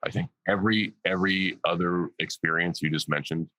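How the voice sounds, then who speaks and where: Man, very deep voice, forceful bright tone, sarcastic guest banter. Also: fairly even intonation, brisk, dry recording, low-quality recording. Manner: dry, sarcastic humor. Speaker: podcast guest, actor. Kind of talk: casual interview answers.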